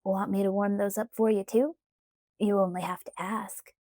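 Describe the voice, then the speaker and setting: A woman's voice: medium pitch, level tone, moderate pace, warm tone, no echo, close to an everyday voice. Woman reading a smug, teasing young man, light and dry, for an audiobook. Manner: teasing, breezy. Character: cocky young male shapeshifter, teasing and cheerful.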